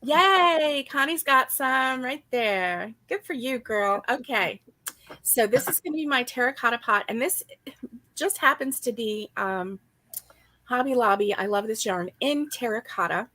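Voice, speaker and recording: A woman's voice: a little high, lively intonation, a little slow, sharp tone, no echo. A woman co-hosting a casual crochet-along, chatty and giggly as she greets viewers by name. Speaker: crochet co-host.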